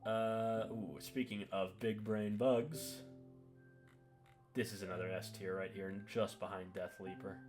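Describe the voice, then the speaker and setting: A man giving relaxed, offhand commentary while ranking miniatures, often saying "uh" and "eh". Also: on the low side, a little slow, music in the background. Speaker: hobby video creator. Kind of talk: casual tier-list commentary.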